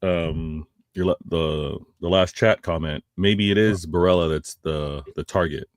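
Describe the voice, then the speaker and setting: A man's voice: low-pitched, steady tone, unhurried, dry recording, studio quality. A man co-hosting a casual football chat, rambling and restarting his phrases. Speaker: co-host.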